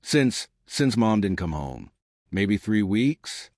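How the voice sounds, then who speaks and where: A man's voice: on the low side, sing-song, slow pace, darkish tone, dry recording, studio quality, exaggerated voice. A man voicing a frightened homeless six-year-old boy who speaks hesitantly and stammers. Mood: timid.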